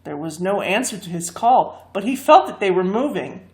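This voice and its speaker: A woman reading a fantasy story aloud, expressive and lively. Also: mid-range voice, normal speed. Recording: echoey room.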